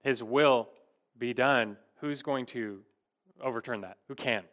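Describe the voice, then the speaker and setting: Through a muffled recording comes a man's medium-pitched, unhurried, slightly bright voice as he preaches an expository sermon. He is emphatic, poses rhetorical questions, and lifts his voice on key words.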